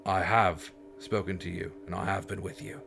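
A man's voice: sits low, level tone, normal speed, vocal fry, background noise. A man voicing a weary, sighing noble knight. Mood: solemn. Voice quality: sighing, gentle and solemn. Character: weary noble knight, soft-spoken and sad.

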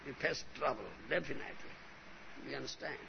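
A man giving a devotional lecture as a spiritual teacher. He speaks emphatically and keeps adding a questioning "huh?", sometimes drawing phrases out slowly. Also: mid-range voice, creaky. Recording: lo-fi recording with faint hiss.

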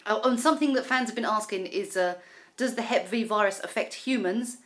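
A woman's voice: on the high side, fairly quick, fairly bright tone. A woman co-hosting a casual chat, recapping a TV episode, swearing casually and laughing often. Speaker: podcast co-host.

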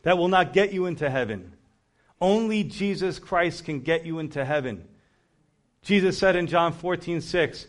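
A man's voice: on the high side, lively intonation, normal speed. A man preaching an earnest, urgent evangelistic sermon.

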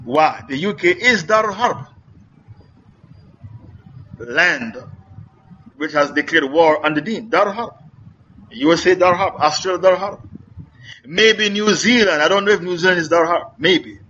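A man's voice: high-pitched, normal speed, pauses often, bright, forceful tone, muffled recording, slight background noise. A middle-aged man preaching in a question-and-answer lecture, emphatic and repetitive, firing off rhetorical questions.

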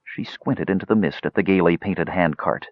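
A man narrating an audiobook in a measured storytelling manner. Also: low voice, no echo, muffled recording.

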